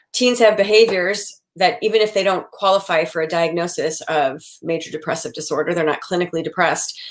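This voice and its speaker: A woman in her forties, a psychotherapist giving casual advice and acting out quoted lines of dialogue. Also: mid-range voice. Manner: chatty, acts out quoted dialogue. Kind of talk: casual expert advice talk.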